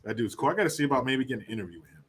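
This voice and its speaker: A man's voice: medium pitch, animated, racing, a bit bright, breathy edge. A man hosting a live political commentary show, ranting heatedly and swearing freely. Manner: reads viewer comments aloud.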